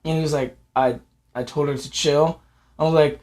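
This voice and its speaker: A man's voice: fairly high pitch, steady tone, moderate pace, darkish tone, a little hiss or hum. A man in casual conversation telling a story, often quoting people in a raised voice. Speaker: podcast co-host. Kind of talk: casual chat.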